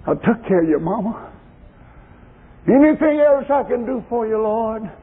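A man voicing a humble old apostle stranded alone on an island, pleading in plain words, lower than his preaching voice. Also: lively intonation, normal speed, slightly rough, heavily acted. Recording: tinny lo-fi recording in echoing hall.

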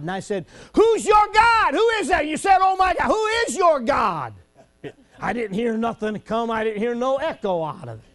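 A pastor who moves between folksy, chatty storytelling and shouted preaching. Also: male voice, high voice. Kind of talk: sermon.

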